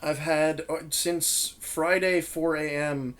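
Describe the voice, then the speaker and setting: A young man chatting on a podcast, worn out from too little sleep and wired on espresso. He rambles, laughs and trips over his words as he retells a joke in a fairly high voice. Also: fairly even intonation, slow pace, fairly bright tone. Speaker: podcast co-host. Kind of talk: casual chat.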